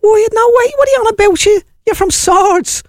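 A man putting on a north Dublin accent to play a blunt, excitable delivery man in a high, squeaky voice. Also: brisk, no echo, studio quality. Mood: blunt, excited.

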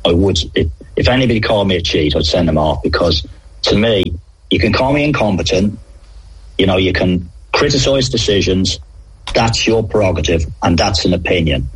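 A middle-aged man, a former referee telling animated anecdotes in an interview. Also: deep voice, normal speed, breathy edge, poor audio. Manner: animated anecdotes, acts out quoted players. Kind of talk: conversational interview storytelling.

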